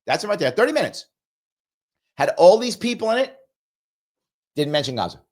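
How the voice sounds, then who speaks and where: Guy ranting on his political stream, big swings in pitch, pushy and repetitive, bit of a cold. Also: very animated, moderate pace, a little mellow. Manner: emphatic, repetitive, reads viewer super chats. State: recovering from a cold, coughing. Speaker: political commentary host. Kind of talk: animated political commentary livestream.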